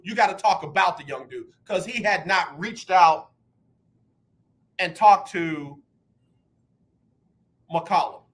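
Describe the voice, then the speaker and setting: Radio host, man in his sixties, high bright voice, emphatic and heated sports talk. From United States. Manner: emphatic, repeats words when fired up.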